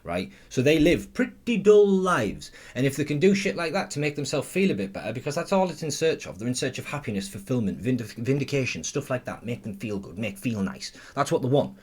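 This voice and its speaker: A man's voice: medium pitch, very animated, quick pace, few pauses, a little mellow, husky. Male host, blunt sarcastic commentary delivery, plain mid voice. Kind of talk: ranting commentary.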